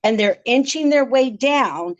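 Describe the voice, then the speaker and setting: High-voiced woman retelling a close call. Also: lively intonation, unhurried, highs cut off. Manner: vivid, emotional storytelling with frequent stammered repeats. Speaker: podcast guest. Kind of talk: recounting a personal story.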